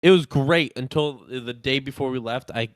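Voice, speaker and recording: A young man co-hosting a podcast, telling a story in animated casual chat and acting out what people said. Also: mid-range voice, moderate pace, no room sound. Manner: animated, acts out quotes of himself and others. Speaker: podcast co-host.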